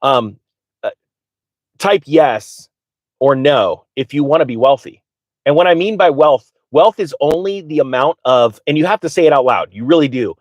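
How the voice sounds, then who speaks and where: Excitable man hosting a live finance show. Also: a little high, normal speed, dry recording, highs cut off. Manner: excitable, restarts and stutters often; direct, addresses viewers and asks them to type answers. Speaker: finance livestream host. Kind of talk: live unscripted finance talk.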